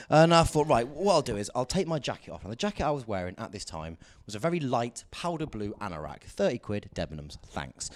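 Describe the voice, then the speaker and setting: A young man doing stand-up storytelling. His pitch swings widely, from low muttered asides up to excited, raised outbursts. The delivery is dry and deadpan one moment and mock-indignant the next. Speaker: stand-up comedian.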